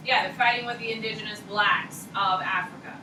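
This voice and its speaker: A woman's voice: mid-range voice, steady tone, fairly quick, pushed and bright. A woman teaching a history lecture to a class in a casual, emphatic way, repeating key points and checking in with "okay". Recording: roomy echo, distant mic, noisy.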